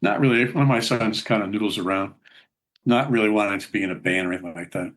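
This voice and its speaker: A man's voice: fairly low pitch, fast, fairly bright tone. An older man, a musician guest in an interview, telling rambling anecdotes with a chuckle. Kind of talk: casual interview storytelling.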